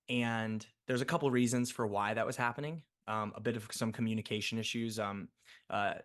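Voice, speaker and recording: Guy actor on a podcast, spinning a story, lots of um and like, mid-pitched. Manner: animated, chatty storyteller with frequent fillers and restarts. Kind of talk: casual storytelling interview.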